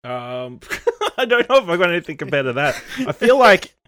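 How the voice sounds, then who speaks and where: Man, bright tense tone, lively pitch, dry sound. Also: moderate pace, dry recording. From Australia. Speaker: podcast panelist, retail worker. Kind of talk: casual roundtable chat.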